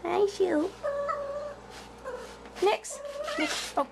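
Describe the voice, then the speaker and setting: A woman's voice: very high-pitched, very animated, extremely slow, vocal fry, noisy background. A woman at home chatting to her cats and dog in a sing-song baby-talk voice, repeating little greetings over and over. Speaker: cat owner filming her pets. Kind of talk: casual pet vlog. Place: at home indoors.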